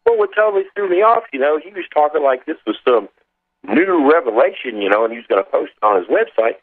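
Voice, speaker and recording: A man from Kansas calling in to a radio show, talking casually and haltingly with many fillers. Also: a little high, sing-song. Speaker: caller. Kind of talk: call-in radio chat. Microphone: telephone. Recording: tinny phone line on radio.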